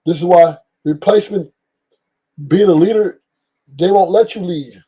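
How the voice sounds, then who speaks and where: A man's voice: sits high, measured pace, warm tone, breathy edge. A man hosting an opinion commentary show, lecturing and repeating his points. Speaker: host.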